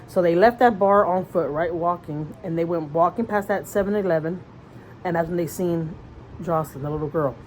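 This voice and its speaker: A woman's voice: fairly low pitch, moderate pace, darkish tone, slight background noise, low-quality recording. A woman vlogger retelling a story in casual chat, rambling with fillers and restarts, earnest and conversational. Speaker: mother vlogger.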